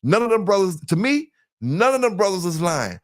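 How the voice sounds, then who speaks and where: A chatty middle-aged man from South Carolina hosts a casual livestream, speaking in a fairly high voice with a Southern US accent. His pitch swings widely at a moderate pace as he rambles loosely, greets chat members, keeps checking in with listeners, and often says "you know what I'm saying."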